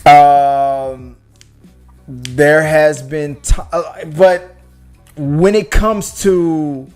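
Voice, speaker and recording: A man's voice: a little high, steady tone, drawn-out words, a little mellow, clear, resonant tone, faint music behind. A man co-hosting a casual live-stream movie talk show, making his points with emphatic rhetorical questions. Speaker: podcast co-host.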